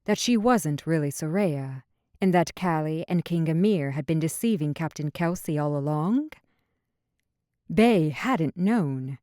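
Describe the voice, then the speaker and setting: A woman narrating a fantasy romance audiobook in an even, measured reading. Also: deep voice, dry recording, studio quality. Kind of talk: scripted narration.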